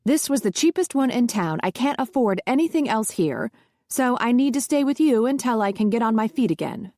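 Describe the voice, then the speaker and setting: A woman's voice: fairly high pitch, lively intonation, brisk, mellow, dry recording, clean studio sound. A woman voicing a demanding, self-pitying middle-aged mother who is exasperated with her son. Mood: pushy exasperated. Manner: exasperated and pushy.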